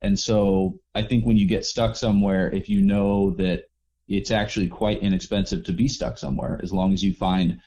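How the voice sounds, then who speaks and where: A man telling travel stories in a relaxed, rambling way as an interview guest, acting out the people he met. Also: fairly low pitch, normal speed, lo-fi sound. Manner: relaxed, rambling with restarts and acted-out quotes. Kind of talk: casual storytelling interview.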